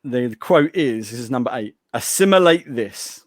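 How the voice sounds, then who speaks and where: A man's voice: mid-range voice, a little fast, no room sound, clean studio sound. A man hosting a casual podcast movie quote quiz, playful and teasing. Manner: playful, reads out quotes and teases. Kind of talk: casual chat.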